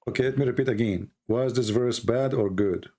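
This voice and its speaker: A man's voice: medium pitch, a little fast, dark tone. A man who is losing his voice, hosting a call-in debate, pressing the caller and repeating his questions. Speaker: debate host.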